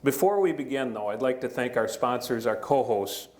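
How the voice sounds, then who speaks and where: A man's voice: medium pitch, animated, normal speed, a little mellow. A middle-aged man giving a county address to a live audience in a large hall, in a folksy, joking, conversational way. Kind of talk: public speech with jokes. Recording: echoey hall with faint room noise.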